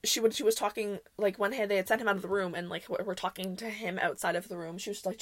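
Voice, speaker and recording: A young woman hosting a podcast, telling chaotic stories from school in a casual, animated way, acting out the people she quotes. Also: mid-range voice, fast talker. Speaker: podcast host. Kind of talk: casual storytelling.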